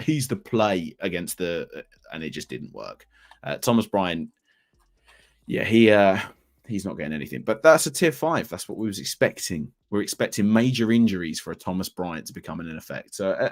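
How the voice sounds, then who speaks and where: Deep-voiced man rambling on stream. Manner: rambling, self-deprecating, chatty. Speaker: fantasy basketball streamer. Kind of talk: live-stream chat.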